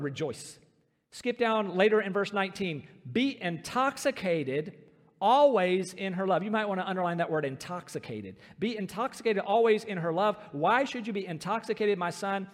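A man's voice: sits high, in a large hall. A middle-aged man, a pastor, preaching a sermon in a church sanctuary in an earnest, emphatic way.

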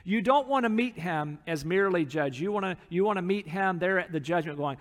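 A man's voice: high voice, expressive, fairly quick, few pauses, in a large hall. A man preaching a sermon as pastor, earnest, acting out quotes from people in the text.

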